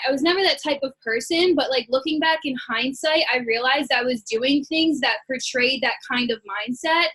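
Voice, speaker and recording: A woman with a high, bright and forceful voice speaks up on a group video call. She reflects earnestly, thinking aloud with lots of "like". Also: normal speed, few pauses, husky, low-quality recording. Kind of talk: casual chat.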